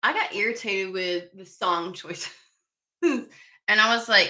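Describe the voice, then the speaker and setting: Bright-voiced woman, casual and profane. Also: mid-range voice, unhurried. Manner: profane, irritated, rambling. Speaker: tarot reader channel host. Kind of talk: casual chat to camera. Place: home room with desk and window. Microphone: camera mic.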